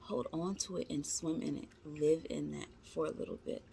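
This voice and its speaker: A woman's voice: deep voice, fairly even intonation, normal speed, creaky, warm tone, a little hiss or hum. A woman giving a casual tarot reading, talking to her viewers in a chatty, slangy, encouraging way. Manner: slangy, informal speech. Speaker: tarot reader.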